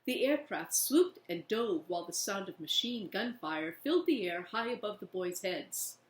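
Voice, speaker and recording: A woman reading a children's book aloud in a slow, expressive way. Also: mid-range voice. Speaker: reader. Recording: echoey room.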